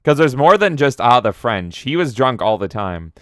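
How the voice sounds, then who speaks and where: Male streamer, excitable, swears a lot, loud goofy outbursts, smooth resonant voice, dry close sound. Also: medium pitch, normal speed, no room sound. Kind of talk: casual live-stream chat reading viewer comments.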